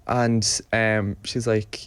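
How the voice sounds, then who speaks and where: A man's voice: on the low side, flat delivery, drawn-out words, fairly bright tone, clear, resonant tone. A young Irish man co-hosting a podcast, telling a story about an old job. He is cheeky, swears freely and laughs through the telling. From Ireland. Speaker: podcast co-host. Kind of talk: casual storytelling chat.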